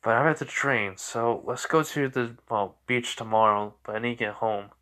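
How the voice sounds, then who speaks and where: A man voicing an eager teenage boy hero, talking in a casual, halting way with many fillers. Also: medium pitch, sharp tone, close to an everyday voice.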